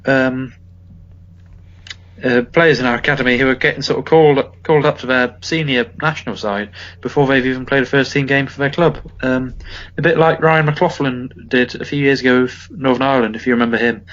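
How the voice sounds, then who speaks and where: A man of middle pitch co-hosting a casual podcast, who rambles along with plenty of ums and restarts. The audio sounds dull and lo-fi, its top end rolled off. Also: fairly bright tone. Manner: rambling, many fillers and restarts. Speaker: podcast co-host. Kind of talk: casual football chat.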